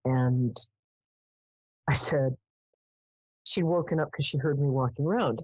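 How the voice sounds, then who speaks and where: A woman's voice: very deep voice, a little slow, breathy edge, no room sound, muffled recording. A woman hosting a live psychic call-in show, who chats casually, tells stories and laughs often. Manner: chatty, animated, lots of "um"s and laughs. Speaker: psychic radio host.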